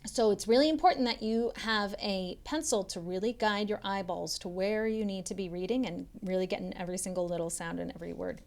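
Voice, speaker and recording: A woman, a literacy tutor, reading a children's picture book aloud with expressive storybook delivery and chatty asides to young listeners. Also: medium pitch, brisk, few pauses.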